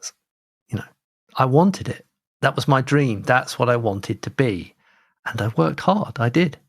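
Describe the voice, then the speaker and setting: Teasing Leicester-accented male co-host, lively delivery, dry close recording. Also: medium pitch, unhurried, vocal fry, dry recording. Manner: playful, teasing, stammering restarts. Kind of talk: comedic banter.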